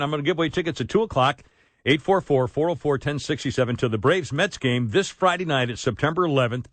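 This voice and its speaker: A man's voice: mid-range voice, fairly bright tone, dry recording. A man hosting a talk radio show, wisecracking and laughing at his own jokes, with a frog in his throat. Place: radio studio. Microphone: studio microphone.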